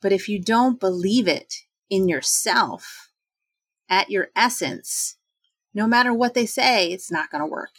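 A woman in her forties in casual talk, chatty and animated, acting out quoted voices with sudden jumps in pitch. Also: unhurried, breathy edge, no room sound. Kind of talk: casual talk on self-doubt.

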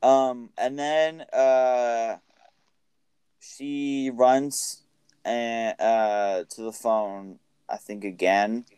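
A man's voice: mid-range voice, fairly even intonation, extremely slow, darkish tone, clear, resonant tone, no room sound, poor audio. A man casually recapping a film's plot as a podcast co-host, rambling with many fillers. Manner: rambling, filler-heavy storytelling.

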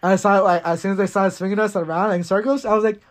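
A man's voice: high voice, steady tone, very fast, heavy background noise. A young man hosting a casual podcast, joking and talking loosely with lots of fillers. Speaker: podcast host. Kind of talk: casual chat.

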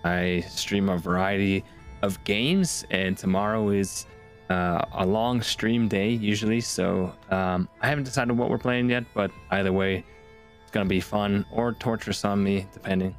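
A man's voice: lowish voice, fairly even intonation, normal speed, faint music behind. A man, a game streamer, chatting in an easygoing way. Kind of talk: casual chat.

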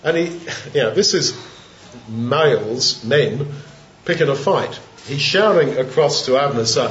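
A man's voice: mid-range voice, expressive, measured pace, fairly bright tone, a little hiss or hum. A man preaching an expository sermon in a conversational way, asking many rhetorical questions. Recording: echoey, dull sound.

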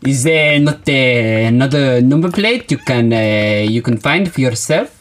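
A man voicing an evasive Frenchman with a French accent, speaking in stiff, halting phrases. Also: medium pitch, expressive, natural voice. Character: evasive Frenchman guarding a number plate.

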